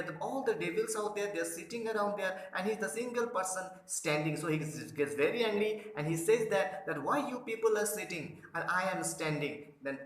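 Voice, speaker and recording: A man's voice: high-pitched, fairly bright tone. A man teaching literature, explaining a play line by line, paraphrasing each line and often restarting his sentences. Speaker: literature lecturer. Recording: echoey room.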